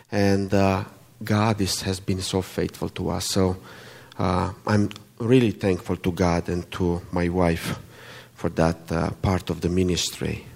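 A man from Romania with a Romanian accent, preaching to a congregation in an unhurried, halting way with friendly asides. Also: on the low side, vocal fry, darkish tone, big-room sound. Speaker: guest preacher. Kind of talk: sermon.

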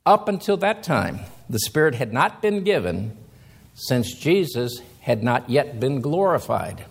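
A man preaching a sermon, reading scripture slowly and then explaining it with emphatic rises in his voice. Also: medium pitch, big pitch swings, gravelly, slightly rough.

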